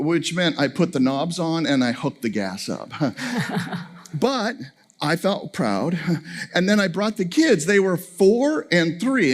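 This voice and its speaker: A middle-aged man tells a story to an audience, and his voice rises and falls with animated pitch as he acts out each line. He sits a little high for a man and breaks into laughter as he goes. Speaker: family camp speaker.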